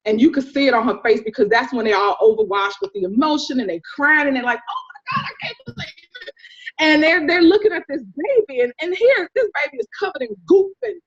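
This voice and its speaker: A woman doula telling stories in a casual interview, animated and acting out the people she describes. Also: high-pitched, fast, hardly any pauses. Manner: animated storyteller, acts out voices, laughs often. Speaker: doula, podcast guest. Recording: dull lo-fi sound.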